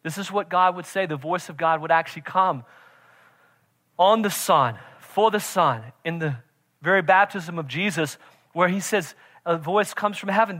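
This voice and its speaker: High bright pastor guy preaching hard, shouts then goes quiet, keeps saying right?. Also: normal speed. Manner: emphatic, repeats "right?" to the congregation; swings from loud shouting to quiet intensity. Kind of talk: sermon.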